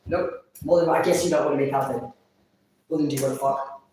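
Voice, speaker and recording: A woman chatting casually on a livestream, blunt and profane, quick to laugh. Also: rumbling low, steady tone, mellow, recorded from a distance, slight background noise. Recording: very echoey room, voice off-mic.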